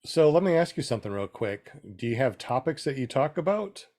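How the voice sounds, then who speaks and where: A man hosting a casual panel podcast, relaxed and quick to agree with his guests. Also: mid-range voice. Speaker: podcast host.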